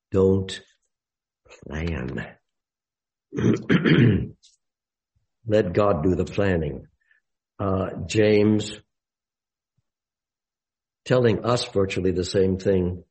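A man giving a Bible study sermon, deliberate and explanatory, with emphatic rises on key words. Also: low voice, darkish tone, rough recording.

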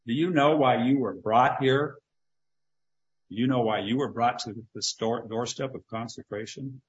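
Preacher putting on a hard-driving baseball boss, pushy and confrontational, voice jumps higher when he presses, roomy and kinda dull sound. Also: normal speed, a little hiss or hum, lightly acted. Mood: probing. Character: forceful older male baseball executive, cigar-chewing. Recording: roomy, slightly dull recording.

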